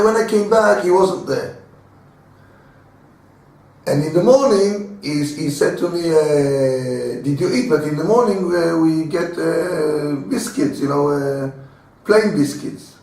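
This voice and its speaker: A man teaching a Torah class in a halting, earnest way, with many fillers and restarts. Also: high voice, a little mellow. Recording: echoey room, voice from a distance.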